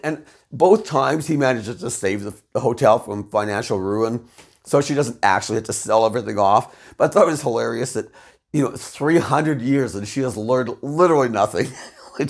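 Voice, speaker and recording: A man's voice: mid-range voice, expressive, brisk, vocal fry. A man commentating casually, retelling a story with laughs and rambling asides. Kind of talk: casual video essay retelling.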